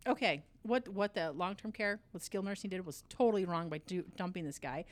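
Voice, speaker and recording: A woman's voice: on the low side, a little fast, no room sound. A woman co-hosting a podcast, blunt and sarcastic, swearing freely in casual chat. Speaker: podcast co-host.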